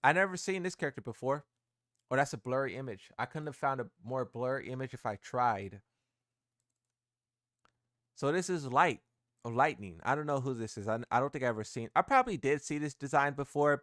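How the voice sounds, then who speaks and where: A male gaming streamer chats casually through a live reaction, circling back and repeating his points in loose slang. His voice sits at an ordinary middle pitch. The sound is dry and close, with no room around it. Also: a little fast, a bit bright, no room sound. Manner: rambling, repeats himself, slangy.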